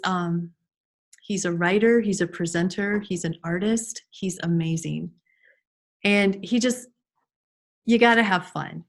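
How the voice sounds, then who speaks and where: A woman giving an informal online class to teachers over a video call, chatty with frequent restarts and fillers. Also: mid-range voice. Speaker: early childhood trainer.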